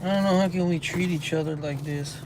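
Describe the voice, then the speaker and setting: A man with a high voice rants heatedly while he walks outdoors at night. He speaks into a phone and reads viewer comments aloud as he goes. Faint traffic hum sits underneath. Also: fairly even intonation, fairly quick. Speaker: vlogger. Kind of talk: rambling walking vlog.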